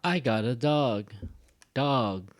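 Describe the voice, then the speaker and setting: A man's voice: mid-range voice, slow, no room sound. Chatty man teaching pronunciation. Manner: demonstrates sentences aloud and jokes around. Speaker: ESL teacher. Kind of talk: casual classroom explanation.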